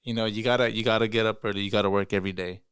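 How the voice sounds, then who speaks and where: A man's voice: on the low side, steady tone, very fast, a bit bright, smooth, no echo, studio quality. A man who teaches photography, a podcast guest, giving advice in casual talk and repeating his points for emphasis. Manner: repetitive, emphatic.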